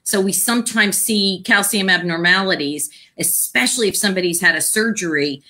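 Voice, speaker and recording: A woman guest on a live video Q&A, explaining health topics in a casual, informative way while she keeps clearing her throat and coughing. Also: mid-range voice, brisk, bright, forceful tone. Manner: explanatory, informative, with many fillers. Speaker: guest thyroid patient advocate.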